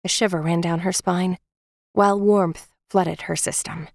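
A woman's voice: on the low side, steady tone, measured pace, gravelly, no echo, studio quality. A woman reading a romance novel aloud as an audiobook narrator, telling the story expressively. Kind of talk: scripted narration.

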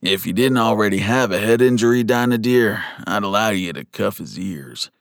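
A man voicing a calm older frontier doctor with dry humor, matter-of-fact, in an audiobook. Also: lowish voice, normal speed, no echo. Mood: steady.

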